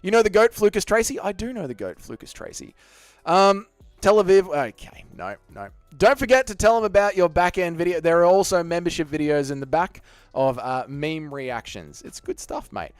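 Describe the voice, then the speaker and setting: Australian male stream host, slightly high voice, swears freely, jokes with chat, dry close sound. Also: very animated, normal speed, clean tone, no room sound. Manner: profane, joking banter with chat. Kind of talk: casual live-stream chat.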